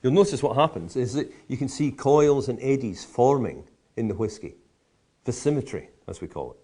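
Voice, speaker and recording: A man's voice: mid-range voice, lively intonation, normal speed, warm tone, husky. A man teaching how to taste, enthusiastic and full of vivid comparisons and playful asides. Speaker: whisky educator. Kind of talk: explanatory tasting talk.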